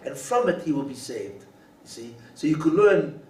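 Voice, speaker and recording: In this Torah lecture, a rabbi teaches animatedly and rhetorically, frequently asking his own questions and answering them. His voice sits on the high side, at a normal speed. He's recorded from a distance in an echoey room, with faint hiss.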